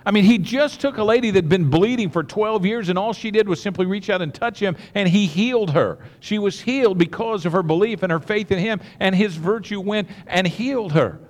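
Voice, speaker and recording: A man's voice: sits high, fairly quick, few pauses, in a large hall. A man preaching a sermon, earnest and repetitive, with many restarts and direct asides to the congregation. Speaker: pastor.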